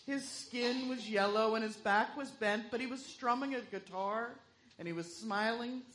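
A woman's voice: a little high, normal speed, a bit bright, a little hiss or hum. Woman worship leader: tells a joke, then reads announcements plainly. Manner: storytelling, then matter-of-fact. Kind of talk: joke telling and service announcements.

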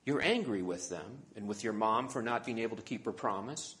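A man voicing a patient father, speaking softly and explaining things calmly. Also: fairly low pitch, a little fast. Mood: gentle. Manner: calm, soft, explaining. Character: patient gentle father talking to his daughter.

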